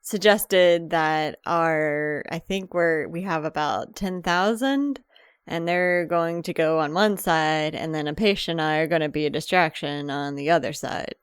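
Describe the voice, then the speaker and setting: A woman's voice: low-pitched, unhurried, smooth, no echo, clean studio sound. A woman playing in a tabletop game, giggly and bubbly. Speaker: player. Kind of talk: tabletop role-play, in and out of character.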